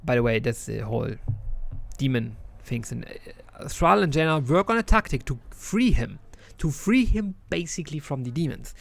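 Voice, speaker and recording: A man's voice: a little high, lively intonation, normal speed, creaky. A man retelling a game's story in a casual recap, with many restarts and fillers, loosely paraphrasing the characters. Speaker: gaming video host.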